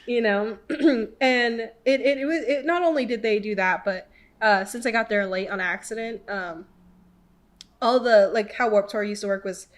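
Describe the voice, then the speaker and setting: A woman in her twenties hosting a podcast, telling a story casually with lots of "like" fillers and animated quoting of people. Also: fairly high pitch, normal speed. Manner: chatty, filler-heavy with many "like"s. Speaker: podcast host.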